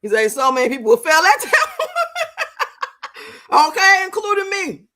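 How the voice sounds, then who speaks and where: A young woman hosting a live stream, chatting loudly and profanely, teasing and laughing as she reads out viewers' comments. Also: high-pitched, very animated, a little slow. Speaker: livestream host. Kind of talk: casual live-stream chat reacting to a reality show.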